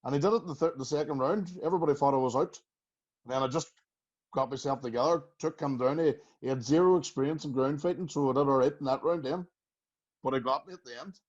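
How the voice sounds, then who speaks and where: A man's voice: mid-range voice, fast talker, a little mellow. A Northern Irish man hosting a casual podcast chat, telling stories and laughing often. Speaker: podcast host. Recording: muffled lo-fi sound.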